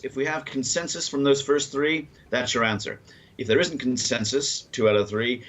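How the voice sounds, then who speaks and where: Measured man running a quiz. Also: mid-range voice, fairly bright tone. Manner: measured, explaining rules patiently, laughs easily. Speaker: quiz master guest. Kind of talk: casual chat and quiz hosting.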